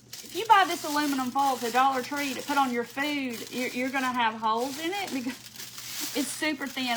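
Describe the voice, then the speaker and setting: Chatty high-voiced woman. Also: pushed and bright, slight background noise, poor audio. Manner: chatty, greets viewers by name, laughs often. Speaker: craft host. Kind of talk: casual live-stream craft chat. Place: at home.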